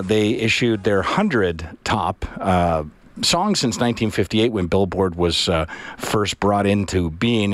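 A middle-aged man hosting an afternoon radio talk show, chatting in a relaxed, rambling way with many pauses. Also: lowish voice, no echo. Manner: relaxed, rambling, frequent uhs. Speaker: radio host.

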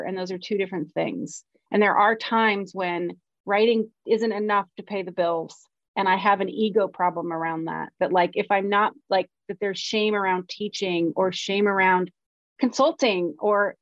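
A woman's voice: mid-range voice, no echo. A woman co-hosting a podcast, talking candidly and reflectively about her working life as a screenwriter. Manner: earnest, self-reflective, openly emotional at times. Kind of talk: candid casual chat. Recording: dry, dull lo-fi audio.

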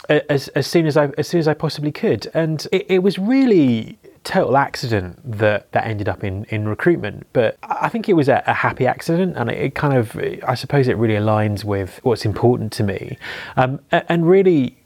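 A man's voice: mid-range voice, no room sound. A middle-aged man hosting a podcast, then answering interview questions about his career with hesitant restarts and ums. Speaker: podcast host and interview guest.

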